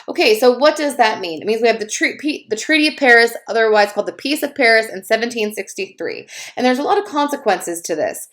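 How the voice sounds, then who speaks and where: A woman giving a casual history lecture, talking conversationally with fillers and little acted asides. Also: medium pitch.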